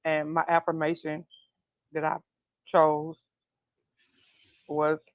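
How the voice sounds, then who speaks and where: A woman guest sharing an emotional personal testimony, tearful and earnest, speaking slowly. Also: low-pitched, completely flat delivery, no echo. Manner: tearful, heartfelt, slow and earnest.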